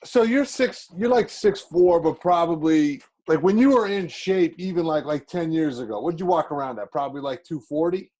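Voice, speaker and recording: A man's voice: a little high, normal speed, hardly any pauses, darkish tone. Laid-back laughing male podcast host. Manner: laid-back, laughs often, short affirmations. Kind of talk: casual chat.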